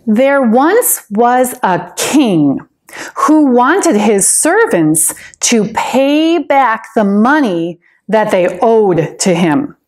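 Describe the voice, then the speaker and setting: A woman teaching a Sunday school lesson, telling a Bible story to children in a gentle, expressive way. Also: a little high.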